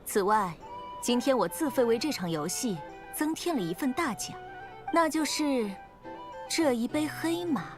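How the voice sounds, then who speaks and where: Poised game-master lady, teasing, lively voice, game music underneath. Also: high voice, moderate pace. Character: composed woman running a drinking game. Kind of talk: video game voice acting. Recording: game audio with music beneath.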